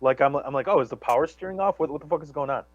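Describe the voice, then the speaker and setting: A man's voice: fairly high pitch, rapid-fire, no echo, muffled recording. Rambling, profane man telling a story. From Chicago area. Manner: rambling, profane, many restarts and stammers. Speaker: guest storyteller. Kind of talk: casual storytelling on a live show.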